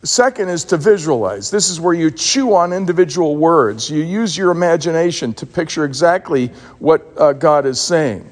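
Man, pastor, sermon, emphatic storyteller, higher-pitched voice, long reverb. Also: animated, normal speed, few pauses. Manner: storytelling, emphatic with repeated words.

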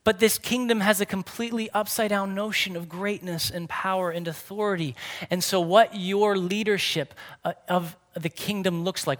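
Male pastor, fairly high voice, earnest preaching delivery that slows for emphasis. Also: fairly bright tone. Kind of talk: sermon.

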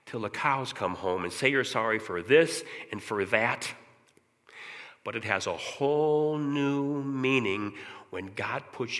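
A man giving an emotional personal recovery testimony, earnest and halting, repeating words when moved. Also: lowish voice, sharp tone, long reverb tail.

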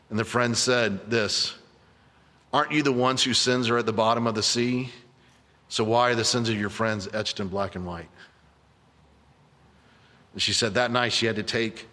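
Earnest preacher man, bright voice in a reverberant hall. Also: lowish voice. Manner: storytelling preacher, earnest and emphatic. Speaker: pastor. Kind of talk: sermon. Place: church sanctuary.

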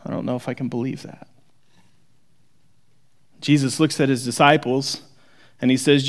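A man preaching a sermon, shifting from hushed, intimate moments to forceful, rising emphasis. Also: mid-range voice, little pitch movement, moderate pace, long pauses. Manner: dramatic, swings from hushed to forceful. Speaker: pastor.

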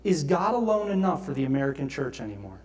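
A man's voice: a little high, very animated, fast talker. A pastor preaching a sermon, reading scripture aloud and growing impassioned as he confesses his own failings. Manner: earnest, grows impassioned, reads scripture aloud.

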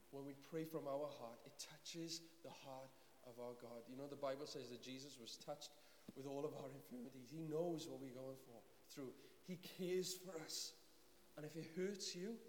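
A man preaches a sermon with an earnest, pleading manner, often repeating his phrases to drive them home. His voice sits a little high. He is recorded in a church hall with a long, roomy echo and a faint hiss. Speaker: pastor.

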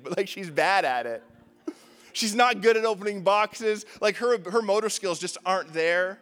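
Young guy pastor, high voice, chatty and jokey, lots of "like", echoey church hall. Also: expressive, normal speed, a bit bright. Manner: casual, joking, many "like" fillers. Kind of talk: sermon.

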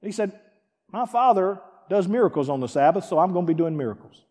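A man with a high, bright-pitched voice delivers a sermon in a church sanctuary. He swings from hushed, almost whispered lines to ringing near-shouts. Long reverb from the hall trails behind each phrase. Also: expressive, brisk. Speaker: pastor.

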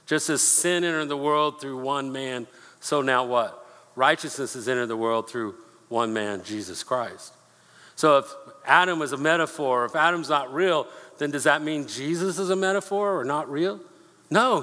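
A man preaching a sermon, earnest and repeating himself, slowing down to read scripture aloud. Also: a little high, bright, forceful tone. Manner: earnest, repeats words, slows for scripture reading. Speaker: pastor. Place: church sanctuary. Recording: long hall reverb.

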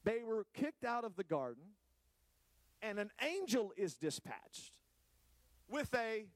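High-voiced animated male preacher. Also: slow pace, no room sound. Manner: animated preaching with playful asides to the congregation. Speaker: pastor. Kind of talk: sermon.

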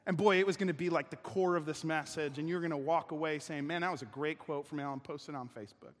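A pastor delivers a sermon in a slightly high voice, talking fast. He's conversational and emphatic and often restarts his sentences, and the large hall gives the recording a long reverb.

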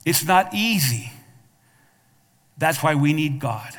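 Man, pastor, sermon, high voice, calls to the congregation, stammered restarts, long church-hall reverb. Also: expressive, slow pace, a bit bright. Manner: frequent stammered restarts and repeated words. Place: church sanctuary.

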